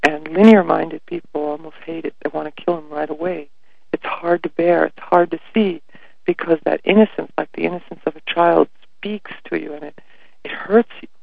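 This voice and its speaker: A gravelly, slightly high-voiced man shares personal stories as a spiritual workshop leader, often sinking to a near whisper. His voice comes through a narrow, phone-like channel with a dry, close sound. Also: steady tone, moderate pace, no echo. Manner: soft-spoken, often drops to a near whisper. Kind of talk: reflective personal storytelling.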